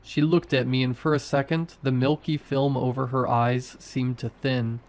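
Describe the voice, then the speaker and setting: A man's voice: medium pitch, flat delivery, moderate pace, darkish tone. A man narrating a first-person horror story in short, tense sentences.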